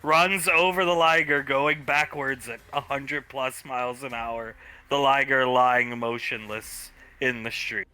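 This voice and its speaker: A man's voice: mid-range voice, steady tone, unhurried, bright, forceful tone, clean tone, faint music behind. A man playing a tabletop role-playing game, narrating his character's actions with a laugh between lines. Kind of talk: improvised role-play narration.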